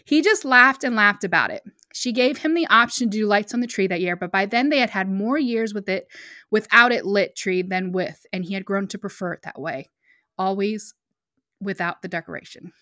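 Bright-voiced emotional woman podcaster. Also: mid-range voice, no room sound, studio quality. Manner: emotional, choked up, laughs often. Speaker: podcast co-host. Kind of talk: reading a story aloud, then casual chat.

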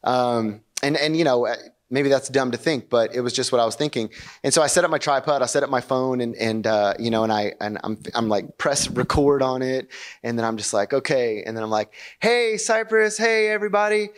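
A man preaching a sermon as pastor, telling a personal story in a chatty, animated way and acting out quoted lines. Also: brisk. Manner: animated, chatty, acts out quotes with rising pitch. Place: church service.

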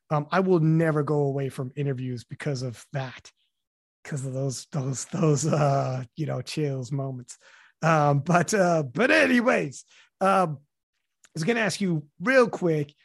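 A man's voice: fairly high pitch, no echo, clean studio sound. A man hosting a podcast, talking in a rambling, casual way with lots of restarts, fillers and swearing. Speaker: podcast host.

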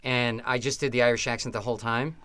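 A man with a smooth, clear voice tells comedy stories as a podcast guest. He is animated and self-mocking and tends to jump ahead of himself. The sound is dry and close. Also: mid-range voice, quick pace, no room sound. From Albany, New York. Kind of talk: casual comedy storytelling.

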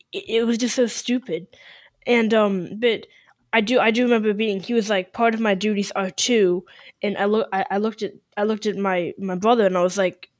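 A woman's voice: mid-range voice, no echo. A woman co-hosting a podcast, chatting casually and reading out listener emails, rambling with many restarts and fillers. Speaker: podcast co-host.

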